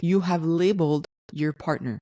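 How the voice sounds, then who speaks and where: Lady podcast host, deep voice with some fry, calm teaching vibe, dry room. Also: moderate pace, no room sound. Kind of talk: solo podcast talk.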